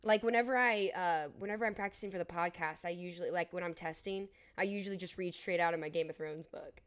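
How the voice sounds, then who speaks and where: A woman's voice: on the low side, fast talker. Playful, chatty woman podcast host. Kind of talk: casual chat.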